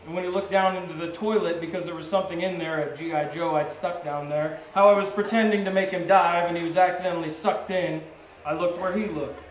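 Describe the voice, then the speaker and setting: Brief: man, poet at a live reading, fairly high voice, measured phrasing, roomy venue sound. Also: slight background noise. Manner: measured, short-phrased delivery with rising intensity. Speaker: poet reading his work. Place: coffee shop and bar venue.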